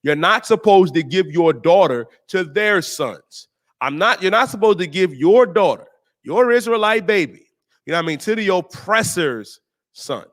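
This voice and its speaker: A man hosting a talk show, preaching on scripture in slangy, emphatic speech and drawing out the verses slowly. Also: high voice, animated, fairly bright tone. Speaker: host and teacher.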